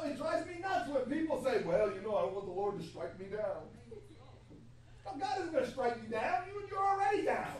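High-voiced woman preaching in an echoey hall. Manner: animated, laughing, acts out God's voice. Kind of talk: sermon. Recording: echoey hall from far off, faint hum.

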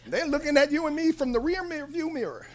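A preacher delivering an animated sermon, shouting at times, laughing, and acting out quoted people. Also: sits high, fast.

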